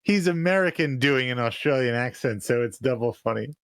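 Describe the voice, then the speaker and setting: A man's voice: medium pitch, animated, a little fast, smooth. A man co-hosting a sports podcast in casual chat, joking and laughing. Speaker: co-host.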